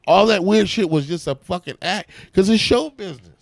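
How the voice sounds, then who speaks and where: A man, an actor and comedian, telling profane, animated stories in a casual interview backstage at a comedy club. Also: high voice, a little fast, no room sound. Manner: profane, animated storytelling with acted-out quotes.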